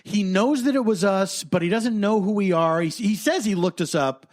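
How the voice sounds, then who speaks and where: A man with a fairly high voice co-hosts a casual podcast chat, spinning an animated story. He drops into low mutters one moment and nearly shouts the next, with quick shifts of energy. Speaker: podcast co-host.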